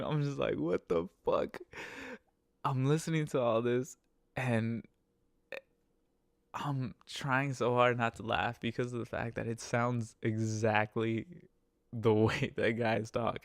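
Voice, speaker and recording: A man's voice: mid-range voice, steady tone, a little slow, dry recording, studio quality. A young man, a rideshare driver, telling a rambling, profane story and laughing through it. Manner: rambling and profane with many restarts; amused, laughs while talking. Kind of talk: casual storytelling.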